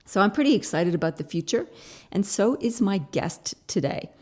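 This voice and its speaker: A woman's voice: medium pitch, sing-song, moderate pace, darkish tone. A woman from Canada hosting a podcast interview, introducing her guest with enthusiastic emphasis. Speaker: podcast host.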